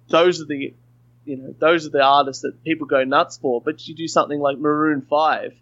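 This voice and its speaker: A man's voice: fairly high pitch, a bit bright, no echo, highs cut off. A man with an Australian accent chatting as a podcast guest, rambling with frequent restarts. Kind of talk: casual chat.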